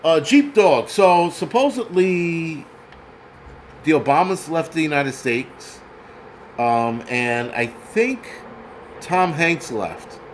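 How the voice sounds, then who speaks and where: A man's voice: fairly high pitch, expressive, takes it slowly, a little hiss or hum. A man hosting his own channel, ranting bluntly and profanely in casual commentary with many restarts. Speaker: channel host.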